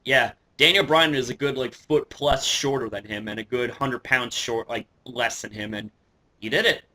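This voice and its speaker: A man with a bright, forceful voice chats casually as a vlogger. He gets excitable, swears freely and keeps restarting his sentences with fillers. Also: mid-range voice, moderate pace. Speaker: wrestling vlogger. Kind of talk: casual reaction commentary.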